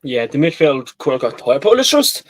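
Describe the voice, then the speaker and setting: A man co-hosting a casual football match-reaction chat, excitable and rambling, often calling his co-host mate. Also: medium pitch, normal speed, no room sound, low-quality recording.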